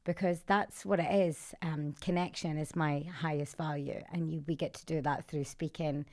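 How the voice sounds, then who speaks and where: A woman, a singer and fitness coach talking enthusiastically as a podcast guest, quick to laugh. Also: low-pitched, steady tone, a little mellow. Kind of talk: casual podcast conversation.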